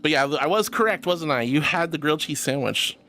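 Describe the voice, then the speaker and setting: A woman's voice: sits low, animated, a little fast, a bit bright, a little hiss or hum. A young woman streaming as a VTuber, chatting casually and affectionately thanking viewers by pet names. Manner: bubbly and affectionate, calls viewers sweetie. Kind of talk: casual live-stream chat, reading viewer messages.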